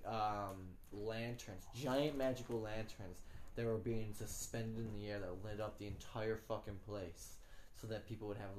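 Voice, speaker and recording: Excitable, foul-mouthed young man. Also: fairly low pitch. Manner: excitable, swears a lot, slips into acted voices. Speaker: tabletop game player. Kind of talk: casual chat. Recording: echoey room, faint background noise.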